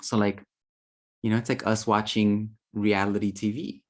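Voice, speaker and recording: A man's voice: lowish voice, little pitch movement, moderate pace. A man teaching about spirit guides in a loose, conversational way. He is playful and slangy and keeps slipping into quoted asides. His talk is full of fillers.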